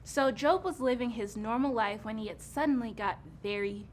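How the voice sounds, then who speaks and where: A woman's voice: on the high side, normal speed. Amused woman telling a children's Bible story. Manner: gentle, amused, patient explaining. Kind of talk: kids' church lesson, storytelling.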